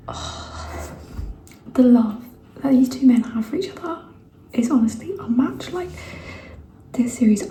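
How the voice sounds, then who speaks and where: A woman vlogging about a book she is reading, tearful and crying, often dropping into breathy half-whispers and trailing off. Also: fairly high pitch, dark tone, a little hiss or hum. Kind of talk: emotional reading vlog chat.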